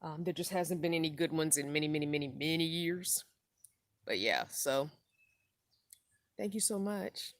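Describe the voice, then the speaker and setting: Her voice sits low with lively intonation, at normal speed with frequent pauses and no echo. This middle-aged woman is a van-life vlogger hosting a relaxed live stream, tired from not sleeping enough, rambling and reading viewer comments aloud.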